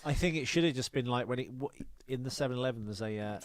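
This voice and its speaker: A man's voice: medium pitch, fast talker, dry recording. Dry-voiced man, wry co-host. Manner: dry, wry, deadpan jokes. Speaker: podcast co-host. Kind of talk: casual chat.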